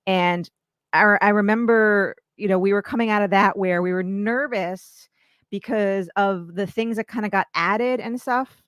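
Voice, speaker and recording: A woman in her forties co-hosts a relaxed live stream, reminiscing in a chatty, reflective way, loose with fillers like "you know". Her voice sits at an ordinary pitch, recorded close and dry. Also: moderate pace, no room sound. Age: 40s. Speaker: co-host. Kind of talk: casual live-stream chat.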